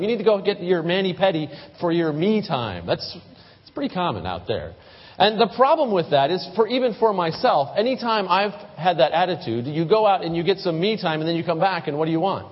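A man's voice: high-pitched, slightly rough. A man preaching a sermon as pastor, speaking conversationally and often repeating his first words. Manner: conversational, repeats words when starting sentences. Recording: dull lo-fi sound with long hall reverb.

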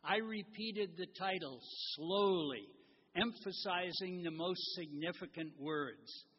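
Older guy preaching slow in a big echoey church, dull old recording. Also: high voice, slightly rough. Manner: slow, warm storytelling with gentle humor. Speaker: guest preacher. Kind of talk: sermon with a read-aloud story. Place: church sanctuary.

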